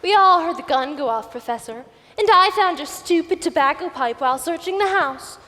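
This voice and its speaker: A woman playing a bold guest who confronts a suspect with sharp accusations in a school stage play. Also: sits high, lively intonation, normal speed. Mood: accusing. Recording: long hall reverb.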